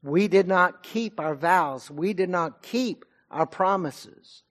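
A man preaching a sermon, his delivery swelling to loud passages and sinking to quiet ones. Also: sits high, takes it slowly. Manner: preaching with rising and falling intensity. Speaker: pastor.

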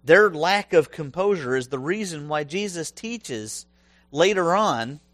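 A man preaching a sermon, animated and humorous, acting out voices from the stories he tells. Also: fairly high pitch, unhurried, no echo. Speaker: pastor.

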